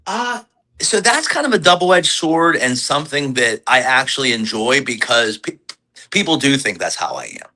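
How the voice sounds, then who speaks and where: Bright-voiced wrestler with many fillers. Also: male voice, medium pitch, normal speed, rough recording. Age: 40s. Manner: rambling, many fillers and restarts; animated when quoting fans. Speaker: pro wrestler guest. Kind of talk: casual podcast interview.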